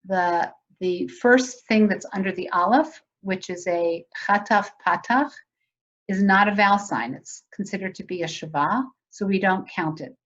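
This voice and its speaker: Woman presenter, mid-pitched, walks teachers through a method on a slightly muffled video call. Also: measured pace, a bit bright. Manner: conversational, explanatory, asks audience questions. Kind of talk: virtual teacher training webinar.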